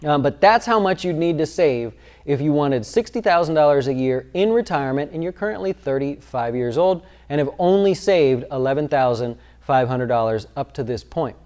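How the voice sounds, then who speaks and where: A man's voice: on the high side, expressive, normal speed, a little mellow. Chatty man explaining money basics. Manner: conversational, asks rhetorical questions. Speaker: financial advisor. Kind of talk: explanatory video talk.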